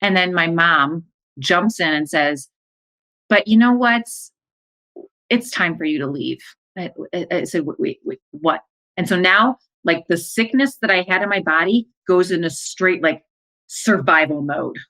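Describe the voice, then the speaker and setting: A woman with a low, deep speaking voice tells her own story as a podcast monologue. She speaks in an emotional, breathless way, acting out her own and her family's words as she goes. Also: normal speed, pushed and bright, poor audio. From American Midwest. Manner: emotional, breathless retelling with quoted dialogue. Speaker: life coach and podcast host.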